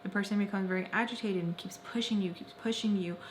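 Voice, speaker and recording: A young woman vlogger telling a personal story, repeating phrases intensely and swinging between loud and soft. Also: medium pitch, steady tone, fast talker, slight background noise. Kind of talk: emotional story-time narration.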